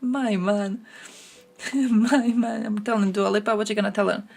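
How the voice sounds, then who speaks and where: Gravelly woman streamer, crude and laughing. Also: medium pitch, fairly even intonation, normal speed, a little mellow. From the Balkans. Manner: crude, laughing, reacting to chat and news. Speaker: livestreamer. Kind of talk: casual live-stream chat.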